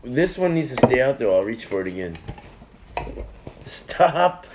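A man's voice: medium pitch, big pitch swings, a little slow, a little hiss or hum. A man chatting casually on a live stream, reviewing beers in a rambling, easily sidetracked way.

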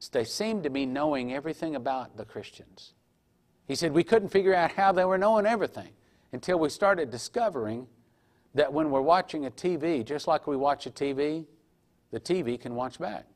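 A man preaching a sermon, earnestly retelling a vision, sometimes dropping to a hushed voice and sometimes rising to emphatic preaching. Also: medium pitch. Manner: earnest, drops to a hushed voice for solemn moments; rises to emphatic preaching on scripture. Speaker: pastor.

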